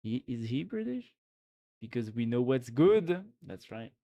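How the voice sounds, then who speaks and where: A man's voice: medium pitch, very animated, measured pace, mellow. Young male streamer, casual live reaction chat, irreverent, talks to chat from a home desk mic. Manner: reads memes aloud and comments with laughs and swearing.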